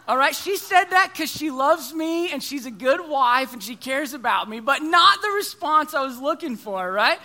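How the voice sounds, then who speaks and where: A man's voice: extremely high pitch, animated, moderate pace, few pauses, bright, forceful tone, slight background noise. A man in his thirties preaching a sermon, telling stories in a conversational, self-deprecating way.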